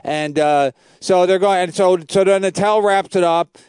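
A man's voice: high-pitched, fairly even intonation, moderate pace, darkish tone, clean tone, dry recording. A man, a comedian and podcast host, telling rambling profane stories in casual chat.

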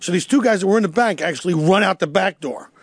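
A man telling profane, animated anecdotes in casual chat, acting out the voices of the people in his stories. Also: high voice, fast talker, husky, no room sound. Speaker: guest storyteller.

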